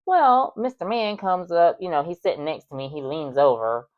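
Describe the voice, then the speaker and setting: A woman's voice: fairly low pitch, big pitch swings, normal speed, phone-quality sound. A woman host telling a personal story in a chatty way, full of fillers and exasperated asides. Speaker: podcast host.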